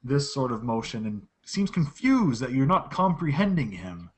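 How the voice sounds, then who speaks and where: A man running a tabletop game as game master, describing scenes in a lively storytelling way. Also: medium pitch, moderate pace.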